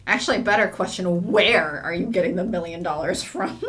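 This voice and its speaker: A woman's voice: on the low side, normal speed, fairly bright tone. A woman co-hosting a let's play, casually teasing and pushing her partner. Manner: teasing, pushy. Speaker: co-host. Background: game music.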